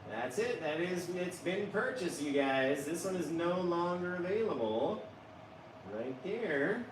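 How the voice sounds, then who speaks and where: A man's voice: fairly high pitch, expressive, unhurried, far from the mic. A man hosting a livestreamed painting lesson, talking to viewers in the chat in a chatty, enthusiastic way. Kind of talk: live painting tutorial. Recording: roomy echo, voice a bit off-mic, noticeable background noise.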